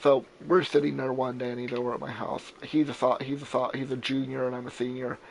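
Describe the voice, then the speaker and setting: A man's voice: medium pitch, flat delivery, fairly quick, creaky, a little mellow, slight background noise, low-quality recording. A man in his twenties hosting a gaming stream, telling long rambling stories with lots of swearing and self-corrections. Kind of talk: casual storytelling chat.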